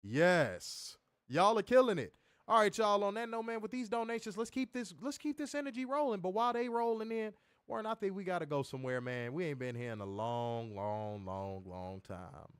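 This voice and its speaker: Male stream host, higher voice, animated loud joker, dry mic. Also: normal speed, smooth, no echo. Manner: loud, joking, laughs often, animated. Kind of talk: casual live-stream chat reading donations.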